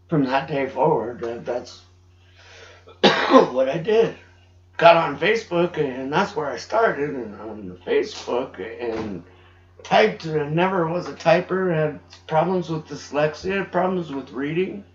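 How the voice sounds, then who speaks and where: Slow, halting testimony from a man. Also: fairly high pitch, animated. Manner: halting, emotional, frequent restarts. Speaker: preacher giving testimony. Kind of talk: personal testimony sermon. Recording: dull roomy home recording.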